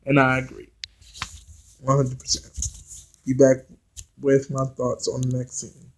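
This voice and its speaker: A man casually recapping a reality TV episode, talking straight to his viewers and tripping over his words when he gets excited. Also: medium pitch, a little slow, poor audio. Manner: chatty, addresses viewers directly, restarts and stumbles when excited.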